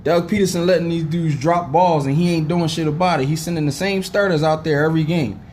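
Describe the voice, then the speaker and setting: A man's voice: fairly high pitch, steady tone, brisk, darkish tone, slight background noise. A young man, ranting to camera as a sports fan, profane and heated, with a headache, often saying "know what I'm saying". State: has a headache. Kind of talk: casual rant to camera.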